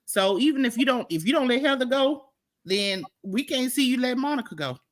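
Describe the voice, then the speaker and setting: A woman's voice: high-pitched, lively intonation, fairly quick, no echo. A woman co-hosting a casual chat, blunt and emphatic. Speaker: podcast co-host.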